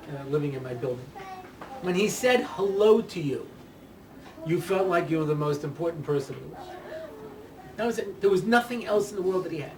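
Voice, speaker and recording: A man giving a Torah talk full of anecdotes and jokes, chatty, often checking in with "yeah?" and "you know", and laughing at his own jokes. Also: sits high. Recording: echoey room, mic far off, faint noise.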